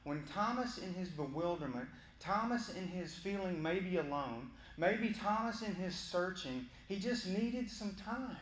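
A male pastor preaching a sermon in a lively, conversational way. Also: high voice, a little slow, few pauses, echoey room. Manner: animated, conversational, acting out voices of Bible figures.

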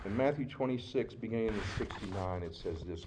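Male pastor, middle-aged, low-pitched, emotional sermon delivery. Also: expressive, a little fast, noisy background. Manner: emotional, dramatic delivery with sudden loud outbursts and hushed asides.

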